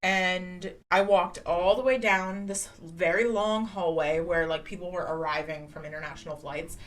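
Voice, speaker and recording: A woman co-hosting a casual podcast, telling stories in a loose, rambling way full of "like"s. Her voice sits a little low for a woman. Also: normal speed. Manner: rambling animated storytelling, many "like"s. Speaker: podcast co-host. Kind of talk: casual chat.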